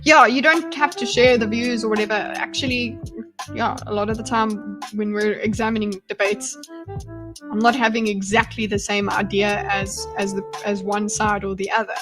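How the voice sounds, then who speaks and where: A woman's voice: mid-range voice, fairly even intonation, moderate pace, music in the background. A woman hosting a live stream, casually reacting to a debate video, thinking aloud and greeting her chat. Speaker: commentary streamer.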